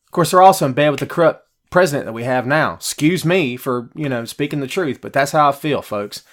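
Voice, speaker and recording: A man's voice: medium pitch, brisk. A man hosting a casual podcast livestream, ranting bluntly and passionately while answering viewer comments. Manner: casual slangy talk with many repeats. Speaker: wrestling podcast host.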